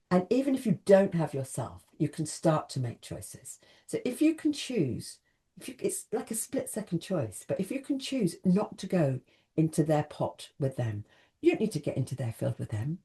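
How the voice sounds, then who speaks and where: Woman, self-help speaker, talks straight to camera, lively pitch. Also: moderate pace. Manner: earnest, addresses the viewer directly with questions. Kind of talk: motivational talk to camera.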